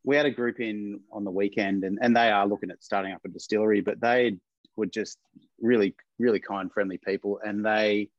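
A man's voice: on the low side, steady tone, a little fast, dry recording, dull audio. A man, a distillery owner, chatting casually and rambling a little with fillers. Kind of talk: casual chat.

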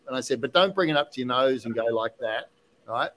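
A man hosting a podcast, telling an animated story casually with many restarts and asides. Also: mid-range voice, fast talker, slight background noise, low-quality recording. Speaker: podcast host, whiskey distiller.

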